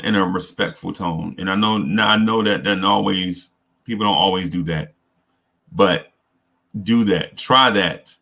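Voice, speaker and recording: A man hosts a casual advice talk in a slightly low voice with a forceful, sharp edge. He speaks earnestly but haltingly, often restarting and repeating words as he works through his points.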